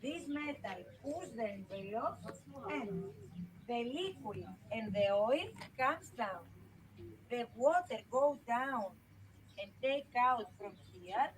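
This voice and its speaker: A woman with a Greek accent, working as a tour guide and explaining step by step in halting, simple English. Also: on the high side, lively intonation, a little hiss or hum, rough recording. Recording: crowd chatter behind.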